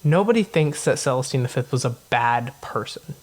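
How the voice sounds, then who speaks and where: A man's voice: mid-range voice, expressive, normal speed, darkish tone. A man casually retelling history as a podcast host, playful and conversational. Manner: conversational, playful, acts out quotes. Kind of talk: casual comedic history storytelling.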